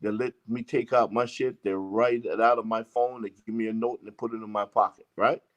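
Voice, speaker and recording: Profane, animated male storyteller. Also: fairly low pitch, fairly quick, dull audio. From Jamaica. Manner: profane, emphatic, acts out quoted exchanges. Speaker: interview guest. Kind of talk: casual storytelling.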